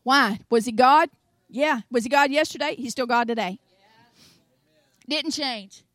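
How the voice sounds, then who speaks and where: Lively older Tennessee woman preaching. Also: high-pitched, measured pace, no echo. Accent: Southern US, Tennessee. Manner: animated storytelling, acts out voices, swings from soft asides to loud exclamations. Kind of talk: sermon.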